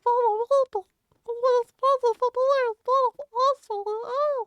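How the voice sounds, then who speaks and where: A streamer voicing a tiny squeaky game creature that recites grand quotes with lip smacks. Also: steady tone, unhurried, a bit bright, no room sound, muffled recording. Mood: solemn.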